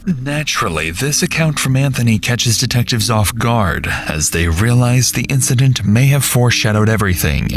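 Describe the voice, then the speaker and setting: A man giving scripted true crime narration in a measured, suspenseful delivery. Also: mid-range voice, lively intonation. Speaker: documentary narrator. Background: faint music.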